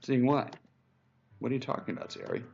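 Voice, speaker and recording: A man's voice: mid-range voice, wildly swooping pitch, fairly quick, vocal fry, darkish tone. A man hosting a let's play, joking around and reading story lines in a dramatic way. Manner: laughing, jokey, reads story lines dramatically. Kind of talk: casual game commentary and reading aloud. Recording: dull lo-fi with music behind.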